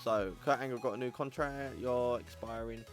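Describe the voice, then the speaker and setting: A man hosting a gaming channel, chatting through game results in a playful put-on accent and exclaiming at surprises while calling viewers ladies and gentlemen. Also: medium pitch, steady tone, normal speed, soft background music. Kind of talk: casual gameplay commentary.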